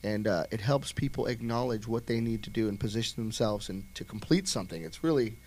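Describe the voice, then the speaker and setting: A man hosting a casual talk show, relaxed and affirming toward his guest. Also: on the low side, a little fast. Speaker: host. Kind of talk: casual chat.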